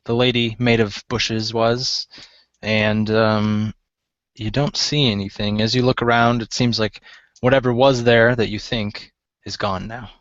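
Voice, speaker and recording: A man narrating as game master in a relaxed way, with many fillers. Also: lowish voice, unhurried, no echo, dull audio.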